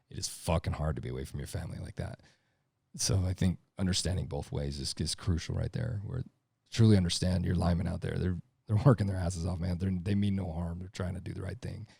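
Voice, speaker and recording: A man's voice: sits low, gravelly, mellow, breathy edge, dry recording, studio quality. A middle-aged man talking casually on a podcast, blunt, profane and emphatic. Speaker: podcast guest, lineman.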